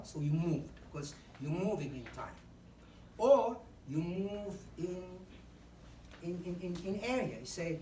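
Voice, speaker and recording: A woman's voice: lowish voice, expressive, slow, warm tone, slight background noise. A woman giving a speech on public speaking, listing numbered tips and acting out short examples. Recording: echoey hall from far off, faint ambience.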